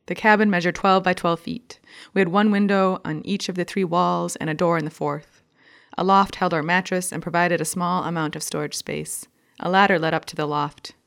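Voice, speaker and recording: A woman with a gravelly, low voice reads a memoir essay aloud. She delivers it in a measured, deliberate way, slowing down over each list. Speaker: reader.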